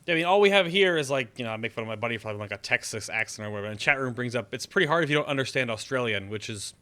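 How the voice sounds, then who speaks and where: A man's voice: medium pitch, lively intonation, rapid-fire, bright, forceful tone. A man hosting a casual gaming interview, asking loose chatty questions full of fillers. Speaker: podcast host.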